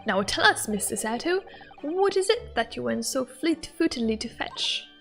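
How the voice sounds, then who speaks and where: A woman voices an eccentric, theatrical male detective from a story game. The read is high and light, with soft music playing faintly behind. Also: very animated, normal speed, creaky, exaggerated voice. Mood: teasing. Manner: reading game dialogue aloud, lightly.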